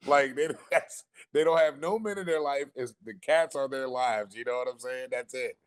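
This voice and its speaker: A man telling a story casually on a podcast, animated and profane, acting out the people he quotes. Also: medium pitch, moderate pace, clear, resonant tone. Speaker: podcast guest.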